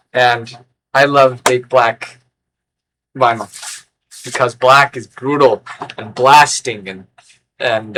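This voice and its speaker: A man rambling through an unscripted vlog in a sarcastic, erratic way, with sudden loud outbursts. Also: mid-range voice. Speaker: record collector vlogger.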